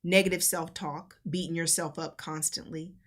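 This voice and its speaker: Low-voiced woman co-hosting a relationship talk. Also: fairly even intonation, normal speed, a crowd in the background. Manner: earnest, encouraging, reads viewer questions. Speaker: co-host. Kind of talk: casual relationship chat.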